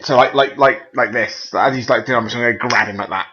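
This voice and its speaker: A man playing in a tabletop game, describing his character's actions in a halting way with many restarts. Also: medium pitch, pushed and bright. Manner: halting, lots of fillers and restarts. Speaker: player. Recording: dull lo-fi sound.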